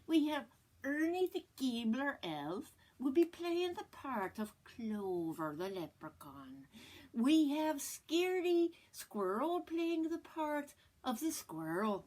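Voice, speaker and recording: A woman's voice: high-pitched, sing-song, slow pace, a little mellow. An older woman reading a picture book aloud to children in a playful, jokey way. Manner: playful, jokey, hammy voices. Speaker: storyteller.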